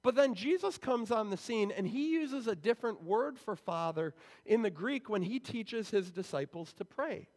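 A man's voice: sits high, lively intonation, normal speed, a little mellow. A male pastor giving a sermon in a church sanctuary, explaining scripture in a conversational way. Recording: long reverb in a church hall.

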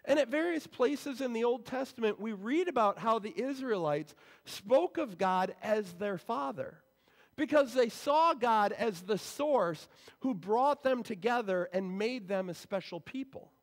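A man's voice: extremely high pitch, animated, measured pace. A male pastor giving a sermon in a church sanctuary, explaining scripture in a conversational way. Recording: long reverb in a church hall.

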